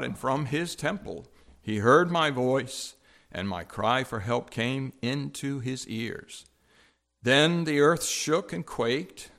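Slow, measured male preacher. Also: medium pitch, fairly bright tone. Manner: measured, halting with frequent fillers, reading scripture aloud. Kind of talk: sermon with scripture reading.

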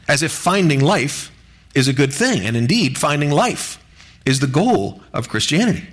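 A man preaching a sermon to his congregation in an earnest, measured way, lifting his voice on key words. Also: on the high side, very animated. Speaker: pastor.

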